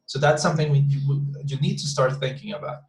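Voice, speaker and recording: A man's voice: medium pitch, a little fast, darkish tone. Repetitive teacher man in an echoey room. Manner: frequent restarts and "you see?" check-ins. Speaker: English teacher. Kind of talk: online class lesson.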